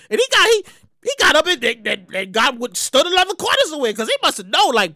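A man hosting a solo podcast, talking loudly and animatedly with plenty of profanity. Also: very high-pitched, fast, no echo, clean studio sound. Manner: loud, animated, profane ranting. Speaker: podcast host. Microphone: studio microphone.

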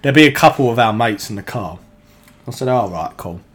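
A man, a podcast guest, telling anecdotes in casual chat, animated, swearing freely and laughing as he goes. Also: medium pitch, quick pace.

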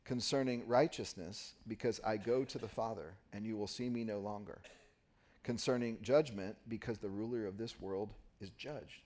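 A man preaching a Sunday sermon, reading scripture and then explaining it with pauses for emphasis. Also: on the low side, darkish tone. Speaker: pastor. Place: church.

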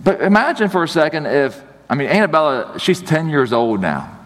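A man's voice: on the high side, moderate pace, big-room sound. A man pastor in his thirties giving a sermon in a chatty, storytelling way, acting out the people in his stories. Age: 30s. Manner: conversational storytelling, animated.

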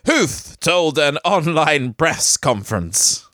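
A man's voice: medium pitch, big pitch swings, slow, a bit bright, dry recording, studio quality. A man hosting a podcast, reading news items and breaking off into jokey, rambling asides, laughing at himself. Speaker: podcast host.

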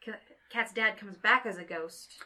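A woman's voice: medium pitch, measured pace, sharp tone. A woman co-hosting a podcast, casually retelling a film's plot and laughing often. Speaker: podcast co-host. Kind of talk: casual movie discussion.

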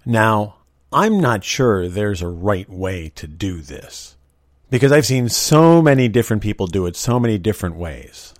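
A man reminiscing about his childhood table manners in an animated, emphatic monologue. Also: lowish voice, a little slow, no echo, studio quality.

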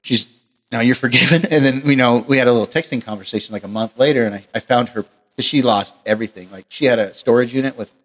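Podcast co-host, a man, mid-pitched, swearing and rambling through stories in a hall with long reverb. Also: quick pace, few pauses. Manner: rambling, profane storytelling. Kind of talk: casual chat. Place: Oregon.

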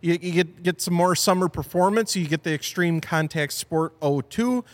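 A male podcast host in a car shop, his voice sitting a little high. He tells stories with a lot of energy, swearing freely and loudly acting out what other people said. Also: moderate pace. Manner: animated storyteller, swears, acts out quotes loudly. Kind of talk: casual podcast chat.

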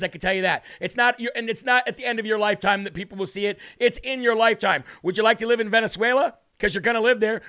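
A man's voice: extremely high pitch, pushed and bright. A man hosting a live political commentary show, emphatic and sarcastic, firing rhetorical questions at viewers. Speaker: host.

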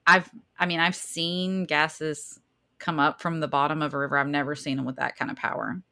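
A woman with a Southern American accent co-hosts a casual podcast, reading through her research in a low-pitched voice. She is chatty and laughs easily, and now and then she trips over a difficult word. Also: flat delivery, normal speed, sharp tone. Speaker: podcast co-host.

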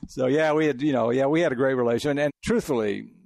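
A man's voice: medium pitch, fast, creaky, darkish tone, dry recording, clean studio sound. An older man from El Paso, a veteran sportswriter, telling rambling stories in a chatty way with frequent restarts. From El Paso, Texas. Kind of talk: casual storytelling interview.

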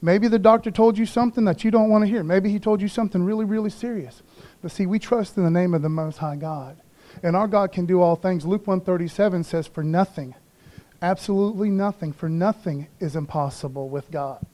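A man's voice: high-pitched, quick pace, warm tone. A man pastor preaching a conversational sermon in slangy everyday talk, calling for responses from the congregation.

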